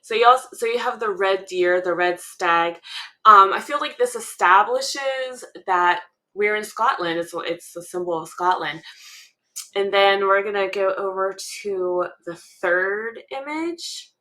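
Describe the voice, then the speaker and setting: A woman co-host chats in an unhurried, meandering way, often pausing on an um before she goes on. Her voice is bright and forward. She sounds relaxed and conversational. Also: medium pitch. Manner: chatty, thinking aloud with frequent ums and laughs. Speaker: podcast co-host. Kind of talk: casual fan analysis chat.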